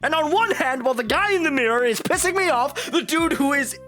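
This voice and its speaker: A woman's voice: high-pitched, expressive, fairly quick, soft background music. Ranting, profane young woman streamer. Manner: loud, profane, exasperated ranting with laughter. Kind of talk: live game stream commentary.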